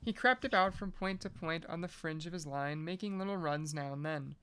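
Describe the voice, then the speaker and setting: A podcast reader reading a novel aloud at a measured pace, breaking off now and then for casual joking asides. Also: medium pitch, sharp tone, clean tone.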